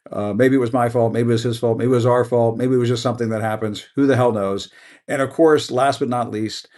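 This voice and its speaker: A middle-aged man hosting a news show, moving between casual talk with fillers and impassioned commentary built on a repeated rallying phrase. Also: medium pitch. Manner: conversational, with fillers. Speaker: host. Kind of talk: passionate news commentary monologue.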